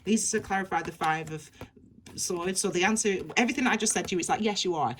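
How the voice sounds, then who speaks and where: A woman's voice: mid-range voice, expressive, fast talker. A woman giving a tarot reading, rambling and repeating herself as she gushes reassurance at her viewers. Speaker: tarot reader.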